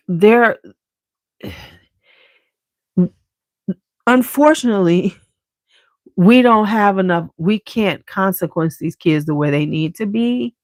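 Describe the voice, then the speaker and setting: A middle-aged woman telling a story in a blunt, profane, animated way while styling her hair at home. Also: fairly low pitch, no echo. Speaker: vlogger and school staff member. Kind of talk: casual storytelling chat.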